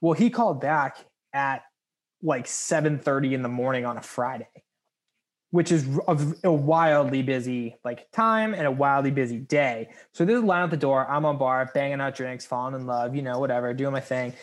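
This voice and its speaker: A young man co-hosting a podcast, telling a work story in casual chat, animated and laughing, acting out the voices of the people in it. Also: medium pitch, moderate pace. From United States. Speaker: podcast co-host.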